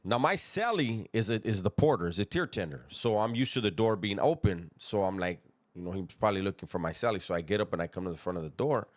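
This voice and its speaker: A man telling a prison story in a relaxed, slangy, conversational way, chuckling at his own tale and dropping low and hushed on asides. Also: fast talker, no echo. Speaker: storyteller recounting prison life. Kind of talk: casual spoken storytelling.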